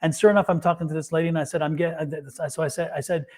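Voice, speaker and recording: A man in casual chat, telling an animated story and acting out what people said. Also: fairly high pitch, very fast. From United States. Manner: animated storyteller, acts out quotes. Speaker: psychic reader and co-host.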